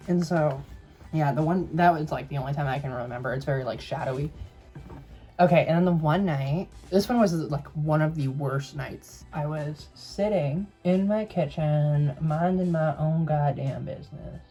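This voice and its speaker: A man's voice: a little high, normal speed, mellow, soft background music. A young man in drag telling a spooky story to camera in a sassy, profane, dramatic way.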